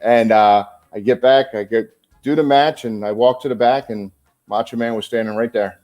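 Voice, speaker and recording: A man around fifty, a former pro wrestler and podcast guest, telling stories in a casual, animated way and swearing freely. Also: mid-range voice, moderate pace. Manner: animated storyteller, swears freely, acts out dialogue. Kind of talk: casual storytelling interview.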